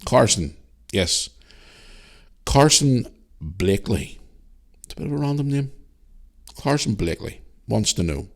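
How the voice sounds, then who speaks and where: A man's voice: lowish voice, very animated, unhurried, vocal fry, pauses often. A middle-aged man with a Northern Irish accent, hosting a casual solo podcast and chatting loosely as he reads out listener messages. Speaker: podcast host.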